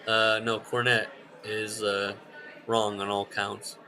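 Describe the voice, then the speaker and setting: A man's voice: fairly low pitch, slow pace, a little hiss or hum, poor audio. A man co-hosting a podcast in casual chat, telling stories with plenty of swearing and acting out what others said. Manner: animated storyteller, swears, acts out quoted lines. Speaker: podcast co-host. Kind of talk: casual chat about wrestling.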